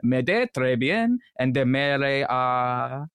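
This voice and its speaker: A man voicing a pompous ship's translator who babbles mock French gibberish in a sing-song, drawn-out way. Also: medium pitch, lively intonation, a bit bright, smooth, no room sound. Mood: grandiose. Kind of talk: tabletop role-play in character.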